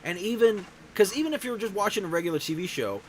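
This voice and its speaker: This show host is a man with a high voice and lively intonation who talks fast, casually rambling and frequently cutting himself off to restart sentences. The poor audio carries a little hiss or hum.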